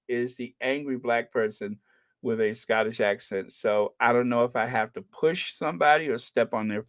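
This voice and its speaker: Middle-aged guy rambling and joking about places he wants to go, normal pitch, dry dead room. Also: no echo. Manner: rambling, joking and musing aloud. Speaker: travel vlogger. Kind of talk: casual chat.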